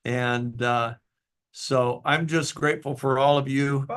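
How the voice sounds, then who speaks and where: A man's voice: mid-range voice, fairly even intonation, slow pace, fairly bright tone, clear, resonant tone. A man speaks to his distributors as their company's founder in a loose, heartfelt talk. He rambles with fillers and restarts mid-sentence, earnest throughout and emotional at times. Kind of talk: casual motivational talk.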